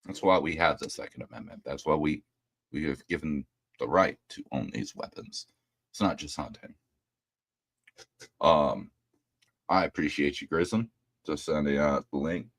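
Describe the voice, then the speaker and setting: A man's voice: very deep voice, moderate pace, vocal fry, long pauses, no echo, studio quality. A man hosting a casual livestream, talking bluntly and ranting with plenty of profanity. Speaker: livestream host.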